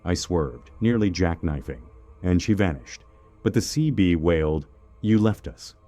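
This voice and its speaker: Male horror narrator, very deep and mellow, dramatic scripted delivery. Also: expressive, a little slow, soft background music. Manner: dramatic first-person storytelling.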